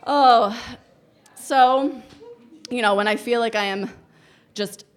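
A woman in her thirties telling a personal story on stage, animated and wry, often breaking into laughter. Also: fairly high pitch, slow, clean tone.

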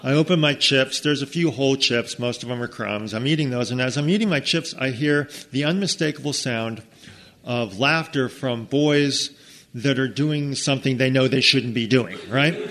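Middle-aged male storyteller, chatty and mid-pitched, with aside-heavy delivery. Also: normal speed. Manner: conversational, frequent "okay?" asides, lively quoted voices. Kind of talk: told personal story.

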